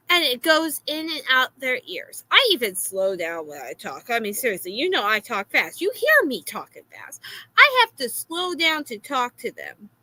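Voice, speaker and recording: A woman with a Florida accent telling a story in a casual, exasperated way, filling pauses with "uh". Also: sits high, low-quality recording. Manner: animated, exasperated, many "uh" fillers.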